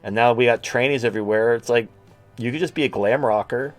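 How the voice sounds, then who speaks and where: A man's voice: medium pitch, brisk, soft background music. A man hosting a livestream, talking in a crude, rambling, sarcastic way. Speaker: host. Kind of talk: casual livestream talk.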